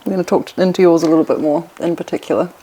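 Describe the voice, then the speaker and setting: A woman's voice: fairly low pitch, very fast, mellow, slight background noise, rough recording. A woman with an Australian accent, hosting a podcast in an upbeat, chatty way. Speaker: podcast host. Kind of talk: casual podcast chat.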